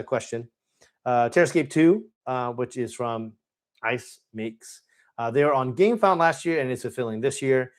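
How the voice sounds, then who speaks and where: A man hosting a live Q&A, chatting with enthusiasm and many fillers. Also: medium pitch. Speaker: board game channel host. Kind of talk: live Q&A chat.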